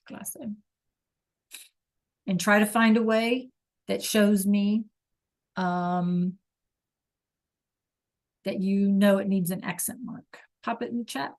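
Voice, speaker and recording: Slow, patient woman teaching over a call. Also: mid-range voice. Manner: slow, patient explaining with frequent "okay?" check-ins. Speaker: Spanish teacher. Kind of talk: online class lesson over video call.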